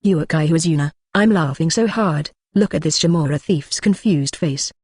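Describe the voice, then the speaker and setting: A synthetic narrator reads a translated web novel aloud in a flat, even delivery, speaking punctuation marks and symbols as words. The voice sits at a middle pitch. The sound is dry and close, with no room echo. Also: normal speed, husky. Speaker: audiobook narrator.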